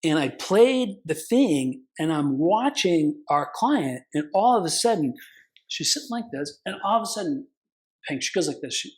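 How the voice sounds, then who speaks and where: A man's voice: a little high, very animated, moderate pace, poor audio. A man, a consumer protection attorney, telling stories casually in an interview, acting out quoted voices and swearing now and then. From California.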